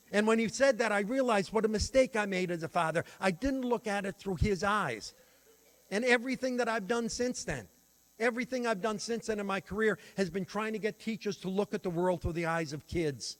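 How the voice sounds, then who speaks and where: Older man, fairly high voice, earnest reflective storyteller, workshop lecture. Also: brisk. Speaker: workshop speaker on teaching children.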